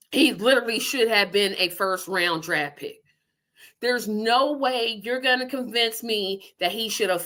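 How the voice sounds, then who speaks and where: A middle-aged woman hosts a casual solo talk show, speaking with a bright, forceful edge. Her pitch sits a little high. She is opinionated and emphatic, pressing her points and talking directly to the audience. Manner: opinionated, emphatic, animated, talks to viewers and reads comments. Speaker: host of a live online talk show.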